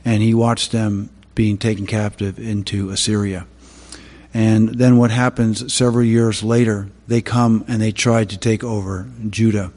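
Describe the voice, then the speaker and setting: A man's voice: on the low side, flat delivery, darkish tone. Man preaching in a reverberant hall. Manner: halting, many fillers and restarts. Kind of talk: sermon.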